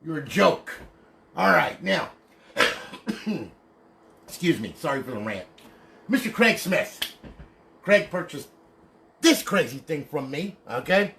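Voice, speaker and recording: A blunt, fired-up man talks through a casual livestream, ranting and swearing in passing. His voice sits a little high for a man, and his phrases keep ending with a checking "okay?". There is a faint hiss of noise behind him. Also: big pitch swings, takes it slowly, gravelly, pauses often, pushed and bright. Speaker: console modder and seller.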